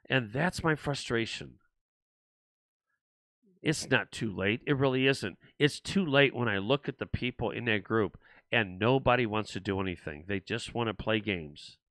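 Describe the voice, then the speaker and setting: Older guy doing his own talk show, bright forceful voice, keeps restarting, frustrated rambling, dry close mic. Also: medium pitch, expressive, normal speed, no room sound. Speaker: show host. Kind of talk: political talk show monologue.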